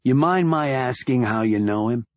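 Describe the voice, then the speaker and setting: A man voicing an older bald security chief who questions calmly and probingly. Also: medium pitch, normal speed, dry recording, highs cut off, close to an everyday voice. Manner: calm, probing.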